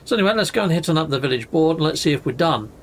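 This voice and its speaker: A man's voice: a little high, lively intonation, racing, a little hiss or hum. A man hosting a casual let's-play, chatting and thinking aloud as he plays. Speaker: gaming channel host.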